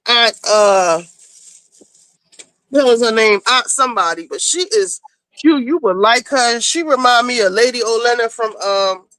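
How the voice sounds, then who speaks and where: A woman's voice: on the high side, measured pace, a bit bright, no echo, low-quality recording. A woman hosting a casual talk show, rambling as she retells a TV episode and acts out the characters' lines. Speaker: podcast host.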